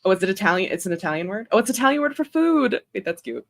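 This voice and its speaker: Animated, chatty young woman, laughing often. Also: medium pitch, very fast. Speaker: author and livestream host. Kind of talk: casual chat.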